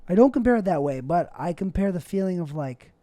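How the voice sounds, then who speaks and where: A young man talks through his thoughts in a loose, rambling monologue, cracking jokes at his own expense as he goes. His voice sits on the higher side with a dark, mellow tone. The recording is dry and close, with no room sound. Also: lively intonation, a little fast, dry recording. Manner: rambling, self-deprecating, jokey asides. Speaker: podcast host.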